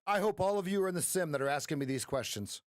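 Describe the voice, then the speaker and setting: Blunt, swearing trading coach on a live stream. Man, animated pitch, dry close sound. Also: fast talker, no echo. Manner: blunt, passionate, profane.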